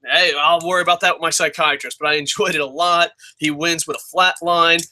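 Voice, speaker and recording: Excitable high-voiced ranting man. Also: brisk. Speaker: wrestling show reviewer. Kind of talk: casual spoken review.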